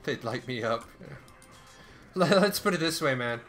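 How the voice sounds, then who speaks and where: Bright-voiced ranting male streamer. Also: mid-range voice, a little slow, faint music behind. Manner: animated, ranting, swears a lot. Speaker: livestreamer. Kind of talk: casual gameplay commentary.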